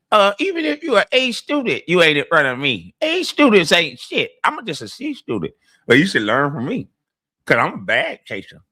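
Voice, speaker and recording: A man putting on a smug, boastful hustler who talks slowly with a stiff jaw and barely moving lips. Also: mid-range voice, pushed and bright, dry recording, clean studio sound. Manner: slow, preachy bragging.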